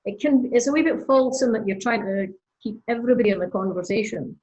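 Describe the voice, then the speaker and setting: A woman's voice: fairly high pitch, fast, darkish tone, lo-fi sound. Chatty Scottish woman minister. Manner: chatty, frequent fillers and laughs. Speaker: church minister, guest. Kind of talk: casual podcast conversation.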